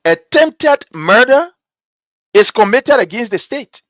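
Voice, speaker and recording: In an extremely high, sing-song voice that is fairly bright, a Liberian host with a Liberian English accent speaks slowly on his political talk show. His commentary is fervent and rhetorical, repeating points and asking "guess what," with no room sound.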